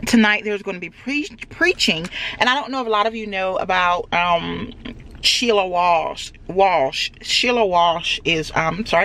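A woman's voice: fairly low pitch, unhurried, fairly bright tone. A woman vlogging in a casual, rambling chat to camera, full of fillers, on her way to church in a car. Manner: chatty and rambling, many fillers.

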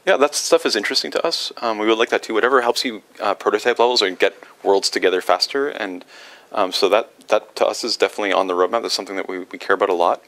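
A man's voice: on the low side, fast talker, fairly bright tone, rough recording. A man answering viewer questions on a livestream in a casual, rambling way, with many fillers and restarts.

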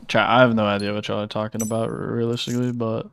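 A man's voice: on the low side, steady tone, moderate pace, a little hiss or hum. A man streaming a game, chatting casually with his teammate in a laid-back, slangy way and laughing often. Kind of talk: casual gaming chat.

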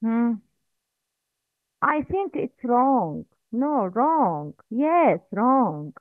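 A woman teaching Quran recitation, drilling pronunciation slowly and correcting errors. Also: on the high side, sing-song, no echo. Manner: slow, drilling repetition with corrections. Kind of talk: recorded language lesson. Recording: tinny phone-like audio, dry.

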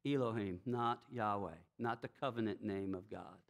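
A man preaching a sermon as pastor of a church, telling the story in a lively way with rhetorical questions and frequent chuckles. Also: on the low side, normal speed, gravelly.

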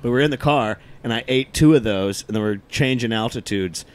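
A man's voice: mid-range voice, fairly quick, clear, resonant tone. Laid-back man telling a story. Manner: laid-back, loose, heavy on "like". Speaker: podcast co-host. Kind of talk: casual storytelling.

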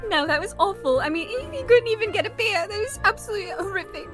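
A woman's voice: very high voice, expressive, fast talker, fairly bright tone, faint music behind, pitched above the performer's own voice. A woman voicing a dramatic, outraged mom in a game animation. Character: shrill, disgusted mom.

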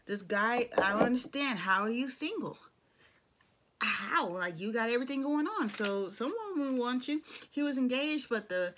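A woman's voice: a little high, a bit bright, a little hiss or hum. A young adult woman giving a casual, opinionated recap of a reality show, with blunt asides. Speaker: show reviewer.

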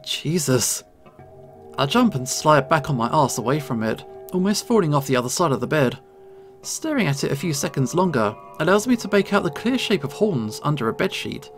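A man, a gaming YouTuber, reading a visual novel aloud with expressive, dramatic delivery and brief casual asides. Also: on the high side, brisk, soft background music.

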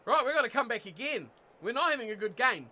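A man with a New Zealand accent giving excitable live commentary while playing a rugby video game, often yelling at the screen. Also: very high voice, quick pace, noisy background. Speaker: gaming YouTuber.

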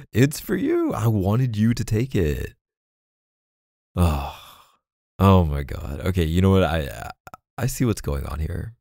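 Mellow low guy, dry close sound, tender boyfriend whispered role-play. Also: creaky, dry recording. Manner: soft-spoken, hesitant, affectionate. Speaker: ASMR boyfriend roleplay creator.

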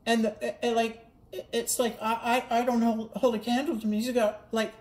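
A woman's voice: on the high side, flat delivery, normal speed, a little mellow. Earnest spiritual woman in an echoey room. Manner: earnest, repetitive, stumbling restarts. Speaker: spiritual livestreamer. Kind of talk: impassioned spiritual monologue.

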